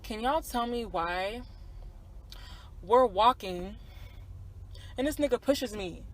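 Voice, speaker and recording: A woman in her twenties co-hosts a podcast and shares a personal story in loose, candid chat full of swearing, filler words, and asides to her listeners. Her fairly high voice is animated but slow, and the recording sounds rough.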